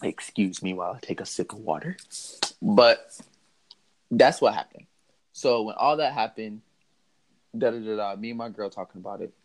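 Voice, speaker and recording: A young man telling a story in casual chat, animated and mocking, laughing as he goes. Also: fairly low pitch, moderate pace, pauses often. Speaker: podcast host telling a story.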